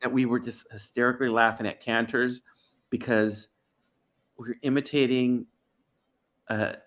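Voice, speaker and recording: A man chatting with a friend in an animated, jokey way, often breaking into silly voices. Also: mid-range voice, a little slow. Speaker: co-host friend. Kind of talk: casual chat.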